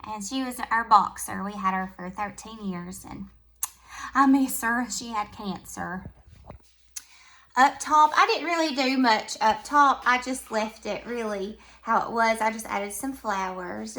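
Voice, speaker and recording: A woman with a Southern US accent, giving a casual, affectionate tour of her home decor as a vlogger. She drifts between soft, tender remarks and brighter, lively ones. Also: fairly high pitch, a little slow.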